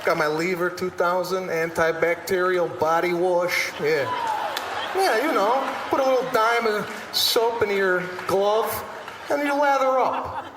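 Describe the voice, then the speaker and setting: A man doing a stand-up comedy routine with animated, exasperated ranting. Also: high-pitched, measured pace, a crowd in the background, background noise. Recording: live stage with long reverb, faint ambience.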